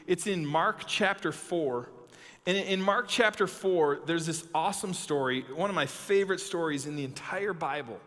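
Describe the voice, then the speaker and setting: Lively bright-voiced young male youth pastor. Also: high voice, big-room sound. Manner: animated, acts out the story with shouted quotes. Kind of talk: youth sermon with Bible reading.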